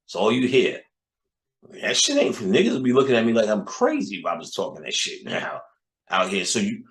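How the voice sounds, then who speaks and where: A man's voice: medium pitch, a bit bright, reverberant, low-quality recording. A man with a New York accent, talking in a profane, rambling, casual monologue full of street slang. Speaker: channel host.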